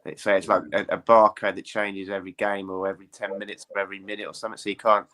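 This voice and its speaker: A man chatting casually about football as a panelist, quick and chatty, often tagging on questions like a regular. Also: lowish voice, level tone, bright, forceful tone. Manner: quick, chatty, asks for agreement with tag questions.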